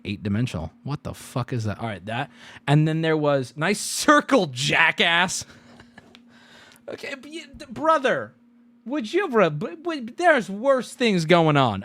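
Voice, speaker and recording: A man streaming live, telling a story casually with lots of profanity and jokes. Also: medium pitch. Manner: animated, profane, jokey storytelling.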